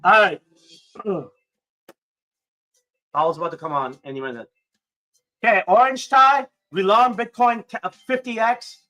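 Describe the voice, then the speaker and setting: A man hosting a casual livestream, excitable and prone to swearing, swinging between hyped outbursts and low mumbling. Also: unhurried, pauses often. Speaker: livestream host.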